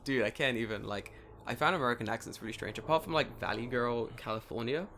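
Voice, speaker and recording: A man's voice: medium pitch, fast talker, slight background noise. A man in his late twenties co-hosting a casual podcast, telling stories with lots of energy, swearing and laughing. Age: 20s. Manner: animated storytelling, swears freely, laughs often. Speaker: podcast co-host. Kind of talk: casual chat.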